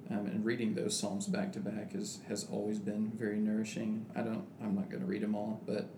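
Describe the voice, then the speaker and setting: A man's voice: fairly low pitch, flat delivery, brisk. A man in casual religious discussion who talks thoughtfully with many restarts and reads scripture aloud. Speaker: podcast co-host. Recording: echoey room with background noise.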